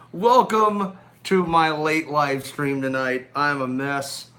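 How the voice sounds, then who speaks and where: An upbeat man chats on a home live stream, calling out viewers by name with frequent ums and restarts. His voice sits high and sounds bright, with a slight scratchiness in the throat. He talks into a phone mounted on a gimbal. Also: fairly even intonation, takes it slowly. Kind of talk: casual live stream chat. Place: at home indoors.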